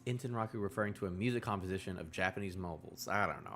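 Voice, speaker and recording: A man live-streaming a manga reaction, excitable, repeating himself and drifting into tangents. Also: deep voice, racing.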